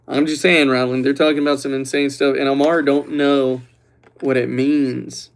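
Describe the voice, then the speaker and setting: A young man hosting a livestream who chats loosely and teases the viewers while reading their comments aloud, relaxed after a few glasses of red wine. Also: mid-range voice, normal speed. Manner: joking, teasing, reads chat aloud. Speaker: livestream host. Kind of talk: casual livestream chat.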